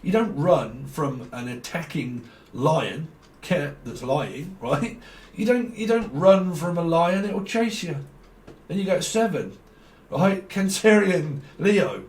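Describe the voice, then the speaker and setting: A man's voice: fairly high pitch, lively intonation, slow pace, darkish tone. A man, a tarot reader talking casually to viewers in a blunt, rambling, teasing way, swearing freely and laughing often. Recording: echoey room with faint ambient noise.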